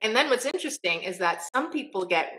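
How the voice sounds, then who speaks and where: A woman's voice: mid-range voice, expressive, fast talker, a bit bright, poor audio. A woman hosting a casual interview over a livestream video call, speaking thoughtfully and laughing easily. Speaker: host, therapist. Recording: choppy livestream audio.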